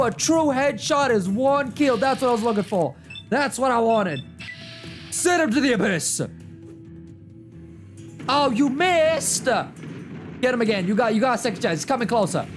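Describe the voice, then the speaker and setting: A male gaming streamer commenting live as he plays, his pitch leaping up and down all the time. He jokes and trash-talks at the enemies on screen, while faint music plays under his voice. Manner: animated, joking trash talk at enemies, big pitch swings.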